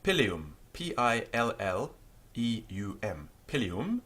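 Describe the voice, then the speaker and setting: A man's voice: slow, husky. A man teaching a beginners' language lesson, patiently spelling out words letter by letter. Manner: lively pitch, stresses example words.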